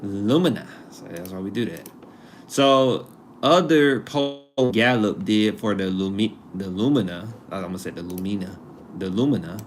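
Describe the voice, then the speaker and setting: A man's voice: lowish voice, expressive, unhurried, noisy background. A man hosting a live stream, talking in a loose, conversational way, drifting off topic and repeating himself for emphasis. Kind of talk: casual live-stream talk.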